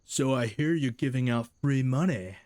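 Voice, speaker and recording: A man's voice: medium pitch, normal speed, a little mellow, no echo, clean studio sound, close to an everyday voice. A man voicing a smug young male football player with a laid-back surfer-dude drawl.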